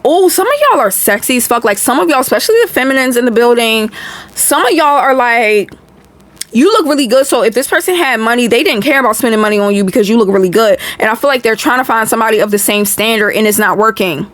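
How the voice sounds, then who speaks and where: A woman's voice: on the high side, fast talker, fairly bright tone, no echo. A woman doing a casual tarot reading for viewers, blunt and chatty, swearing freely and talking straight to her audience. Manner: blunt, profane, chatty, addresses viewers directly. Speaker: tarot reader.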